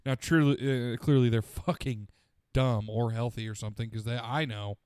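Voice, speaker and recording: A young man riffing in loose, profane banter, full of laid-back slang and rambling asides. His voice sits at an average pitch. The sound is dry and close, with no room around it. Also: fairly even intonation, moderate pace, a little mellow, clean tone, dry recording. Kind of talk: casual banter.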